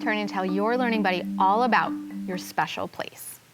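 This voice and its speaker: Female teacher, TV classroom: expressive read-aloud, gentle explanation for first graders. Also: mid-range voice, normal speed, over music. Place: television classroom studio.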